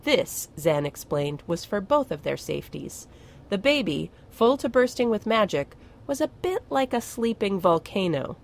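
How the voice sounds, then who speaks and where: A woman narrating a fantasy audiobook in an expressive, measured way. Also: medium pitch, vocal fry.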